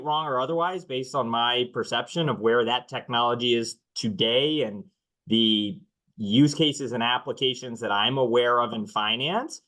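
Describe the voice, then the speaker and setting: A male finance chief on a webinar panel lays out his view plainly and calmly, with occasional "um"s and a dry sense of humor. His voice sits at a middle pitch for a man. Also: poor audio. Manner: measured, candid, dry humor, filler ums.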